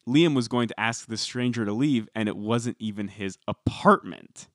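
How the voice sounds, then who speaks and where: A man hosts a casual podcast in a relaxed, gossipy way, reading out quotes between his own asides. His voice is recorded dry and close, with no room sound. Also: fairly low pitch, normal speed, no room sound. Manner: chatty, gossipy, reads quotes aloud. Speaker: podcast co-host. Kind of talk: casual chat.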